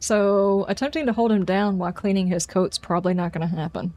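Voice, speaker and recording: A woman's voice: mid-range voice, fairly even intonation, brisk, a little mellow. Chatty woman streamer, faint music behind. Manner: chatty and wry, reacting aloud and answering chat. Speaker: gaming livestreamer. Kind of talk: casual live gameplay commentary, chatting with viewers.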